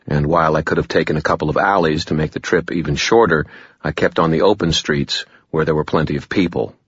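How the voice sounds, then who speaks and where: A man reads a novel aloud in the first person, with a dry, wry delivery. His voice is extremely deep and husky. The recording is close and dead, with a dull, lo-fi sound. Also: a bit bright, dry recording. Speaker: audiobook narrator. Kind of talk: first-person scripted narration.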